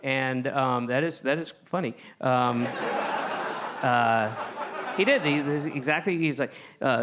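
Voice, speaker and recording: A man's voice: mid-range voice, a little slow. A man doing stand-up, telling a rambling, self-mocking story full of swearing, with a live audience. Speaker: stand-up comedian. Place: stage before a laughing audience. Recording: live stage recording with audience noise.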